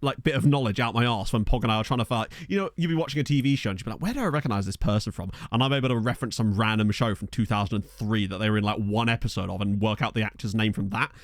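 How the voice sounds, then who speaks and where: A man's voice: on the low side, racing, few pauses, no echo. A man streaming a football management game from a small bedroom, rambling through stories for his live chat with frequent laughs. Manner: animated, rambling storyteller who laughs often. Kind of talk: casual chat with live viewers. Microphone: desk USB microphone.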